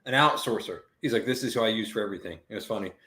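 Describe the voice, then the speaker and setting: A man chatting casually as a co-host, his voice sitting fairly low. He rambles through long stories, full of fillers and loose swearing. The sound has a noticeable room echo. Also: racing, fairly bright tone. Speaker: podcast co-host. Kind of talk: casual chat.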